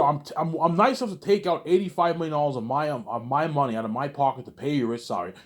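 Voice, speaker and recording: A man in a casual rambling monologue, animated and repetitive, arguing back and forth with himself. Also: mid-range voice. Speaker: vlogger.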